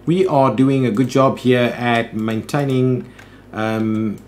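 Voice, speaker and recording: A man's voice: medium pitch, steady tone, takes it slowly, a little mellow, a little hiss or hum. A man hosting a let's play, thinking aloud in casual commentary with frequent "ooh"s and "um"s.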